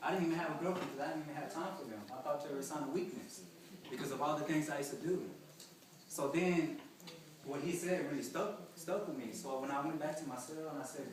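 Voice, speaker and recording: A man's voice: on the high side, fast talker. Man sharing his testimony in a hall. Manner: earnest, plain-spoken storytelling with repeated "you know". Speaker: speaker giving testimony. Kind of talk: personal testimony talk. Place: large echoey hall with an audience. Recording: very echoey hall, distant mic, crowd behind.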